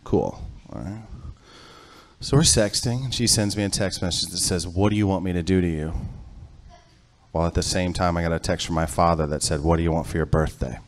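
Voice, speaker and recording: A middle-aged man performing stand-up on a comedy club stage, telling a story that builds to loud, animated punchlines. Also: sits low, brisk, slight background noise.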